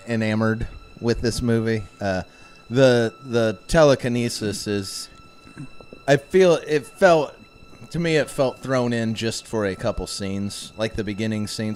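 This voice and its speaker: A man co-hosting a horror movie review podcast, giving hesitant, even-handed verdicts with many restarts. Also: medium pitch, unhurried, faint music behind. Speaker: podcast co-host. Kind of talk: casual movie review chat.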